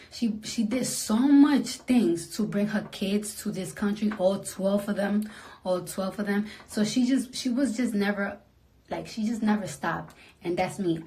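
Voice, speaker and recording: A sleepy woman at home at night, talking into her phone on a casual livestream, soft and emotional and often dropping to a whisper. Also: medium pitch.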